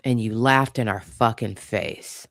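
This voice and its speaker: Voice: medium pitch, measured pace, gravelly, fairly bright tone, dry recording, clean studio sound. A channel host giving an impassioned commentary monologue, blunt and profane, hammering points home with repetition.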